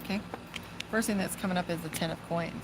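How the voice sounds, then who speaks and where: A woman's voice: on the low side, steady tone, quick pace, noisy background. Chatty, foul-mouthed woman reading tarot outdoors. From Las Vegas, USA. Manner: chatty, profane, breaks off to talk to her dog. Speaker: tarot reader and psychic. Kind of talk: casual live-streamed tarot reading. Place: outdoors by a pool.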